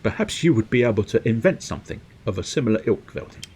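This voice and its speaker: A florid, eccentric adventurer spinning his tale at a leisurely pace, as a man reads him aloud. The voice stays low and rolls expressively through each phrase. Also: lively intonation, fast talker, darkish tone, slight background noise, natural voice. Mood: wistful.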